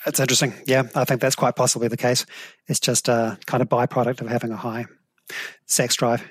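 A middle-aged man with a New Zealand accent answers interview questions in a thoughtful, hedging way. His voice sits at an ordinary pitch. The sound is dry and close, with no room around it. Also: little pitch movement, fairly quick, breathy edge, no room sound. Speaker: guest, evolutionary psychology professor. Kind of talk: explanatory interview talk.

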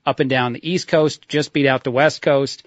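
A man's voice: medium pitch, fairly even intonation, normal speed, no room sound. A man hosting a talk radio show, mocking the news with frequent chuckles and filler words. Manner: sardonic, laughs at his own remarks, many uh fillers. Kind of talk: solo talk radio commentary.

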